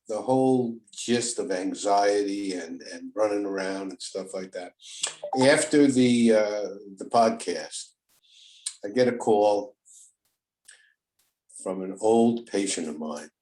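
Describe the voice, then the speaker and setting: A man's voice: fairly low pitch, takes it slowly, darkish tone, rough recording. An older man hosting a podcast as a therapist, talking in a rambling, folksy way and often repeating words. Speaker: host, therapist. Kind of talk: casual podcast chat.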